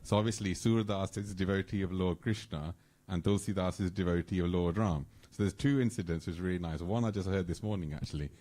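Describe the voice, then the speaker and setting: Man, low voice, storyteller, animated, acts out the characters at a temple gathering. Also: fast. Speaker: devotee telling stories at a temple festival. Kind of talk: storytelling talk. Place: temple hall.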